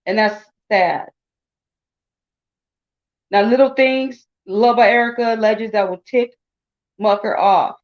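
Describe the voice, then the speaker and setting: A woman's voice: mid-range voice, slow, long pauses. Blunt indignant woman, lo-fi commentary. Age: 40s. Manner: blunt, indignant, talks straight to viewers with many asides. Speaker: commentary channel host. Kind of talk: casual commentary.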